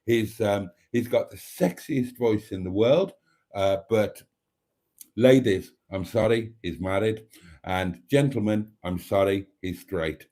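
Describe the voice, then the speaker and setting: A man's voice: lowish voice, takes it slowly, dark tone. A man hosting a live stream, chatting casually as he reads out viewer comments in a camp, teasing way with frequent laughs.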